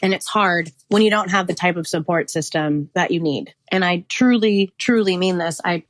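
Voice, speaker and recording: A woman in her thirties hosts a podcast, candidly rambling through her own life in a confessional monologue full of "like" and frequent small laughs. Her voice is fairly low, at a moderate pace, in a dry recording.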